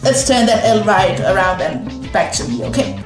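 A woman's voice: medium pitch, expressive, normal speed. A woman doing let's play commentary, reading game text aloud, giggly and swearing in disbelief. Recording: echoey room with music behind.

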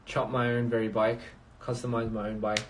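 A man's voice: mid-range voice, level tone, moderate pace, slight background noise. A man chatting casually on a phone livestream, rambling and reading out viewer comments. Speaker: livestream host.

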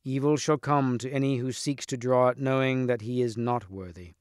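A man reading aloud, voicing a humble knight who speaks quietly and gravely. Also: medium pitch, steady tone, moderate pace, dry recording, clean studio sound, lightly acted.

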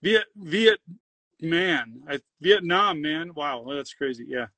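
A man's voice: fairly high pitch, expressive, slow pace, sharp tone, no room sound. A middle-aged man hosting a livestream, upbeat, reading viewer comments aloud and chatting.

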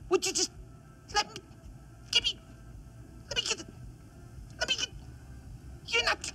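Squeaky frantic pleader. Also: male voice, unhurried, pushed and bright, full character voice. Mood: frantic pleading. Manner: stammering, pleading restarts.

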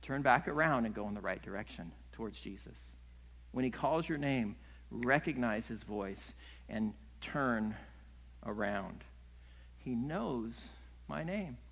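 Middle-aged male pastor, mid-pitch voice, lively sermon delivery that slips into acted-out voices. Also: slow pace, creaky, slightly rough, rough recording. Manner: animated, acts out scenes with voices and laughs.

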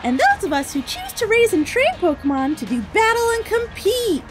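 A woman's voice: very high voice, wildly swooping pitch, normal speed, soft background music, full character voice. A woman reading a grand male game presenter's dialogue aloud, announcer-like. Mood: proclaiming.

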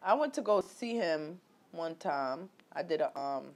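A woman's voice: deep voice, expressive, unhurried. A woman telling a personal story straight to her viewers, loose, emphatic and heavy on swearing. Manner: loose, profane, emphatic, addresses viewers directly. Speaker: vlogger.

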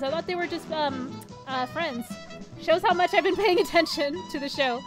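A chatty woman with a high voice talks casually through a live game stream, giggling as she reads chat aloud. Game music plays clearly behind her. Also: normal speed.

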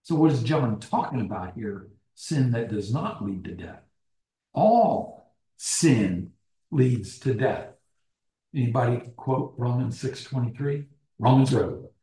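A man teaching a small-group Bible study, deliberate, restating phrases and posing questions to the group. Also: medium pitch, expressive, dark tone. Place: church meeting room. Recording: roomy echo.

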